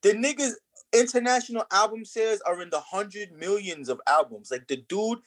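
Hyped guy ranting about wrestling, lots of slang and cussing, kinda high voice. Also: normal speed. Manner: animated, profane street slang. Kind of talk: casual wrestling podcast chat.

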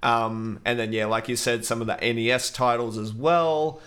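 A man co-hosting a casual video game music podcast, sounding stuffed up from hay fever, relaxed and full of fillers and laughs. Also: mid-range voice, normal speed. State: blocked nose from hay fever. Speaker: podcast co-host.

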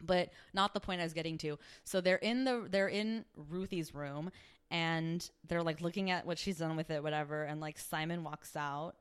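A woman talks in loose, casual podcast chat, full of fillers and quick laughs. Her voice sits low and sounds smooth and resonant. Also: fairly even intonation. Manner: chatty, frequent fillers and laughter. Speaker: podcast co-host.

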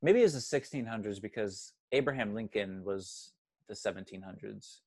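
A man's voice: on the low side, normal speed, a little mellow. A young man in his twenties, co-hosting a casual movie podcast, rambling and correcting himself as he talks. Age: 20s. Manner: rambling, self-correcting, chatty. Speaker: podcast co-host.

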